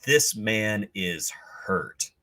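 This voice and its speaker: A man with a low, bright, forceful voice chats casually on a podcast. He talks enthusiastically, teasing about what he won't give away. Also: expressive, extremely slow. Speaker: podcast co-host. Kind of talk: casual chat.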